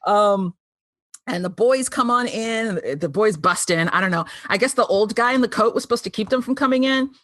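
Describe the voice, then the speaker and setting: A woman's voice: mid-range voice, lively intonation, brisk, a bit bright, no room sound, clean studio sound. A woman co-hosting a podcast, chatting and giggling as she recaps a TV episode. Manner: chatty, giggly, acts out bits in little voices. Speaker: podcast co-host. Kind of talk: casual chat recapping a TV episode.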